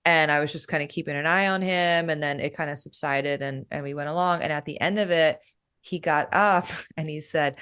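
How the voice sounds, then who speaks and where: A woman who works as a breathwork facilitator, explaining her practice in a relaxed, casual way that is full of "you know" and "right?". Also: deep voice, a little fast, clean tone.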